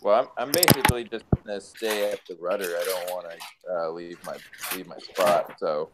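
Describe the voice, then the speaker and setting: A man playing a tabletop game, asking halting, hesitant questions. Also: low voice. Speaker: player. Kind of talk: casual play at the table. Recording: clear background noise.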